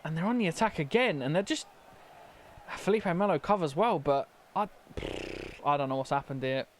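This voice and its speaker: A man's voice: on the high side, expressive, moderate pace, slight background noise. A young man commentating his own football video game, flustered and stammering as things go wrong. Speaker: gaming commentator. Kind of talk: casual gameplay commentary.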